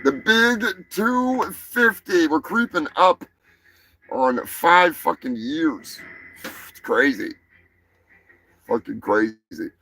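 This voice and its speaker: A man hosting a crude comedy news show, rowdy, laughing and shouting his sales pitches. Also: lively intonation, takes it slowly, gravelly, pauses often. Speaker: host.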